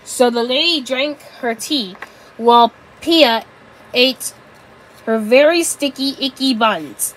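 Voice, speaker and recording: A woman narrating a children's story aloud in a halting way. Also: a little high, rough recording. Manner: halting, with restarts.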